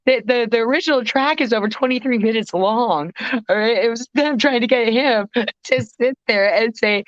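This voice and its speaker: A woman in a casual podcast chat, a guest vocalist who wanders through her stories and often restarts her sentences. Her voice sits at a middling pitch. The sound is dry and a little dull. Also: normal speed, no room sound. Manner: rambling, self-interrupting storytelling. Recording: slightly muffled dry recording.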